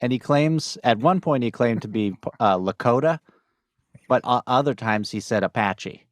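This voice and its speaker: A man's voice: mid-range voice, moderate pace, dry recording, clean studio sound. A man co-hosting a comedy podcast, chiming in with short, wry remarks. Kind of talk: casual comedy banter.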